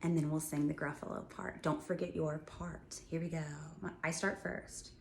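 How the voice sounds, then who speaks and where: A woman's voice: deep voice, little pitch movement, normal speed, gravelly, a little mellow, reverberant. A woman teaching a music lesson to young children, talking and singing patiently and explaining each step. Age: adult.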